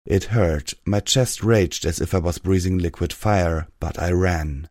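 A deep-voiced man reads a first-person story aloud with steady, dramatic storytelling. The recording is dry and close, with no room sound. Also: unhurried, no room sound. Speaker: audiobook narrator. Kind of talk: first-person fan fiction reading.

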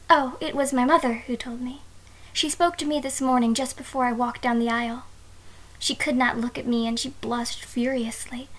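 A woman's voice: sits high, low-quality recording. A woman playing a shy, innocent young bride in an audio role-play, speaking hesitantly and sometimes dropping to a whisper. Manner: hesitant, halting, drops to whispers.

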